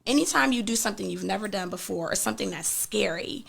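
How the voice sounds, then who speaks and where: Gravelly-voiced woman book coach. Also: medium pitch, quick pace. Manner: animated, acts out her clients' voices. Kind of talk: interview guest conversation.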